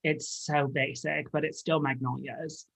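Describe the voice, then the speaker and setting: A man's voice: on the high side, flat delivery, measured pace, vocal fry, fairly bright tone. A man with a Southern US accent hosting a casual interview, chatty and sassy. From Southern United States. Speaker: host.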